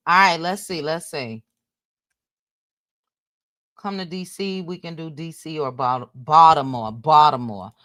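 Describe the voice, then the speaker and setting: Woman livestream host, casual chatty delivery, slow pace, dry close sound. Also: deep voice, no room sound. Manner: chatty, reads out loud while talking to viewers.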